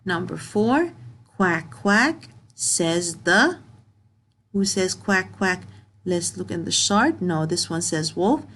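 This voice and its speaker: A woman teaching young pupils in a recorded grammar lesson, reading sentences aloud slowly word by word and patiently repeating herself. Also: fairly low pitch, big pitch swings, a bit bright, breathy edge. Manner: repeats and restarts phrases.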